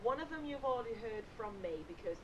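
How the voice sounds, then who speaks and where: Yorkshire woman on a podcast, bouncy up and down voice, dull recording with a rumbly hum behind. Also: lively intonation, fast talker. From Yorkshire, England. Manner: laughs often, chatty and teasing. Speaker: podcast co-host. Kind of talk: casual chat.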